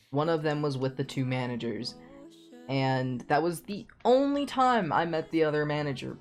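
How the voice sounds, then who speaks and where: Young man ranting with lots of swearing. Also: mid-range voice. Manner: heavy swearing, animated storytelling with laughs. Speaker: streamer. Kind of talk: casual rant while streaming a game.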